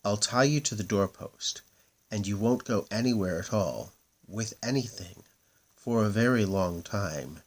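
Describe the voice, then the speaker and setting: A man's voice: lowish voice, a little slow. A man voicing a polite, plucky young prince, speaking mildly in a storybook reading. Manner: polite, mild.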